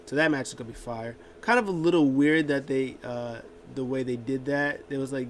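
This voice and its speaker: Male vlogger, mid-pitched, casual recap, rambling, faint background hiss. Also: a little fast, few pauses. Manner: rambling, many filler words and restarts. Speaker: wrestling show recap vlogger.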